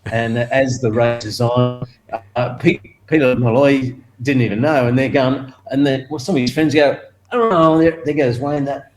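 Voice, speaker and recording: In an interview captured on a rough recording, an older Australian ex-motorcycle racer shares a story at a moderate pace. He's lively and laughs, acting out the other people by pitching his voice up.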